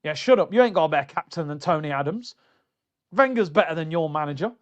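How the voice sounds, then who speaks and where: Middle-aged guy hosting a fan stream; high-pitched, mocking, slightly dull lo-fi audio. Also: fast. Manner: animated, mocking, jumps into high exclaims. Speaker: football fan channel host reading viewer comments. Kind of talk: casual live-stream rant.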